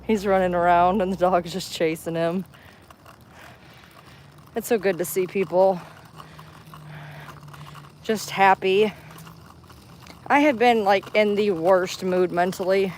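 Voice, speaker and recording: A woman's voice: medium pitch, fairly even intonation, slow, long pauses, darkish tone, slight background noise. A woman vlogging live on a phone while walking outdoors in a park, slightly out of breath and chatty, turning chirpy when she talks to passersby. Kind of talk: casual live walk-and-talk. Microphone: handheld phone.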